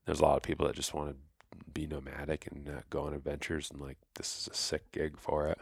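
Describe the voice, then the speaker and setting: A man's voice: extremely low pitch, monotone, fast talker, gravelly, husky, dry recording, clean studio sound. A man co-hosting a podcast, chatting casually and loosely, with lots of filler words. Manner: laid-back, heavy use of "like". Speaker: podcast co-host.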